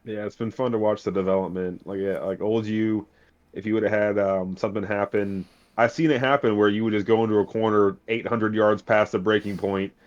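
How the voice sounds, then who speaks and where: A man with a low, flat voice talks steadily and encouragingly in a casual podcast chat. His audio sounds dull and lo-fi. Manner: steady, encouraging, plain-spoken. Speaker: podcast co-host and sim racer.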